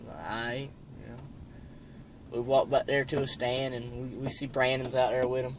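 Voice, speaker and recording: A man's voice: mid-range voice, level tone, moderate pace, a little hiss or hum. A young man telling a hunting story in a rambling, profane way, padding every line with "you know". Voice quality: rambling, heavy swearing, constant "you know". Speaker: storyteller vlogger. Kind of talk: casual storytelling.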